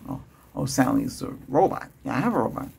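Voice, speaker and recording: A man in whispered role-play as a doctor, talking in a chatty, rambling way, laughing often and moving between a whisper, a soft voice and his normal voice. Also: mid-range voice, animated, a little fast, creaky, background noise.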